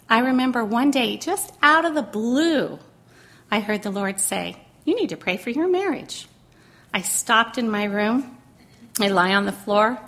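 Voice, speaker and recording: A middle-aged woman sharing a personal testimony in a sermon, earnest and emotional, drawing words out slowly for emphasis. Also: medium pitch, gravelly, fairly bright tone. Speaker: pastor's wife speaking to a congregation.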